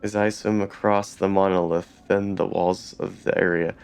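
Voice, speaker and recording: A man's voice: low-pitched, little pitch movement, moderate pace, vocal fry, clean tone. A man hosting a let's play, reading the game's narration aloud with casual asides. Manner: reads narration, stops to comment casually. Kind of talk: reading game text aloud.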